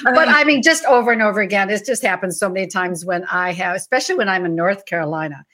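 A woman's voice: medium pitch, quick pace. A woman co-hosting a casual online chat show, telling stories with frequent laughter. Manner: animated, laughing storyteller. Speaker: co-host.

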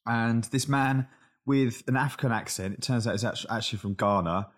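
A man's voice: medium pitch, fairly quick. A man from Britain and Ireland co-hosting a podcast, telling stories in a rambling way and correcting himself as he goes. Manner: rambling anecdotes with self-corrections. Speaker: podcast co-host. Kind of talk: casual chat.

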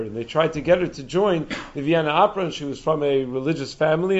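Animated storytelling man, lo-fi recording. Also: medium pitch. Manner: animated, restarts often, chuckles through stories. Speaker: speaker giving a Torah talk. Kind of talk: storytelling talk. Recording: dull lo-fi recording.

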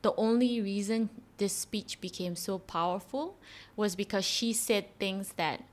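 Woman podcast host, casual animated storyteller. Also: mid-range voice, unhurried. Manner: chatty, animated retelling with frequent fillers. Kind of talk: casual conversational explanation.

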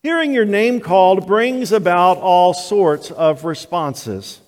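Older man, pastor, sermon, slightly higher voice, very unhurried, long church reverb. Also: lively intonation. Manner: slow, deliberate storytelling delivery.

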